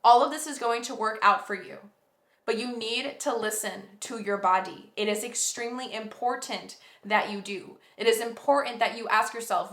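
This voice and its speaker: A woman's voice: on the high side, moderate pace, a bit bright, echoey room. A woman giving a pick-a-card tarot reading, earnest and reassuring as she talks straight to the viewer, a bit sleepy. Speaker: tarot reader.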